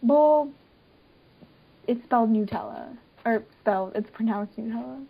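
A woman's voice: on the high side, a little slow, vocal fry, slightly rough. A young woman co-hosting a casual podcast, teasing and blunt with a giggly manner, on a dull lo-fi recording. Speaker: podcast co-host. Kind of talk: casual chat. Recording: dull lo-fi sound.

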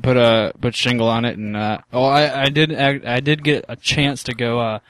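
A man's voice: medium pitch, fairly even intonation, moderate pace, a bit bright, dry recording. A young man hosting a podcast, telling crude rambling stories in casual chat and slipping into silly voices. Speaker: podcast host.

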